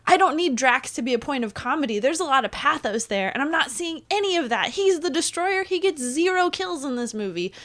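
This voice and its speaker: A woman's voice: sits high, expressive, a little fast, hardly any pauses, fairly bright tone. A woman in casual podcast chat, arguing her points in an opinionated, emphatic way. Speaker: podcast guest.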